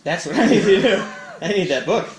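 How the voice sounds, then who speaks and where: A man's voice: sits high, animated, fairly quick. A man in his forties chatting and joking through a board game, laughing through his stories. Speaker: game player. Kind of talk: casual chat over a board game. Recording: echoey room with hiss.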